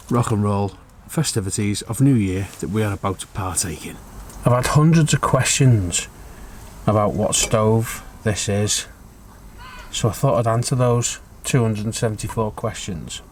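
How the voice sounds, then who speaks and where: Low-voiced guy in a camper van, dry jokes, bit of background hiss. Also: measured pace, a little mellow. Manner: dry, self-mocking jokes. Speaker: vlogger. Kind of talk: casual chat.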